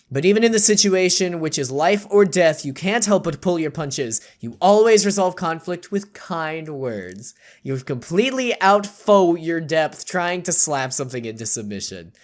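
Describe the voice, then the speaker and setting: A man reading a text game aloud with jokey, sarcastic, rambling asides. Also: a little high. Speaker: YouTube gamer.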